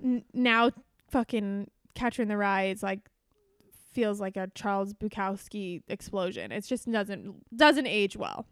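A woman's voice: medium pitch, lively intonation, smooth, no echo, studio quality. A woman co-hosting a podcast in casual, jokey chat. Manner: chatty, jokey, talks in quick asides. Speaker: podcast co-host.

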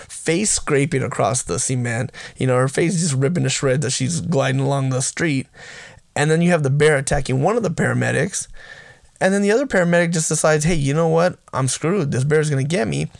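A man's voice: mid-range voice, normal speed, gravelly, no echo, clean studio sound. A man giving a casual, enthusiastic spoken film review, rambling with restarts and laughing often as he talks. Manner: laughs often while talking. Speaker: movie reviewer.

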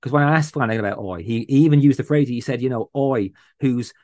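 A man's voice: mid-range voice, very fast, dark tone, no room sound. A man, a guest on a podcast, chatting casually and talking with earnest passion about a favorite book character. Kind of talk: casual chat.

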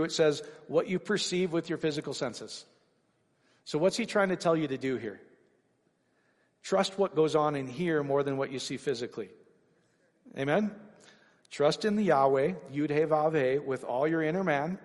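A man preaching an informal sermon, energetic and full of rhetorical questions and sudden exclamations. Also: fairly high pitch, in a large hall.

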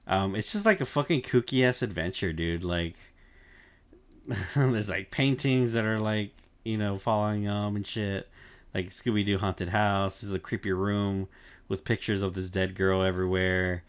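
A young man recaps an anime on a podcast in casual, laid-back chat, full of "like" fillers, swearing and laughing. His voice is on the low side, steady in tone and a little slow, in a dry recording.

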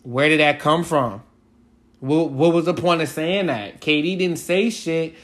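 A man's voice: a little high, measured pace, a bit bright. A man co-hosting a podcast, talking basketball in a rambling, casual way with many fillers and restarts. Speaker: podcast co-host. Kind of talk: casual sports chat.

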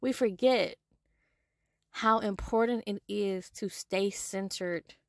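A woman hosting a solo podcast, talking in an animated, casual way with some swearing, swinging from loud to soft. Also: medium pitch, slow pace, no echo, studio quality. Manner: casual, with profanity and y'all. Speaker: podcast host. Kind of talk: solo motivational podcast monologue.

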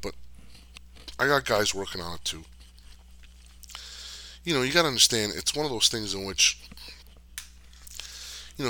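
A man's voice: lowish voice, bright, forceful tone. A middle-aged man hosting a podcast, chatting casually and answering viewer questions in a loose, streetwise way, with lots of fillers and cursing. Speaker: podcast host. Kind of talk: casual rambling chat, reading viewer questions.

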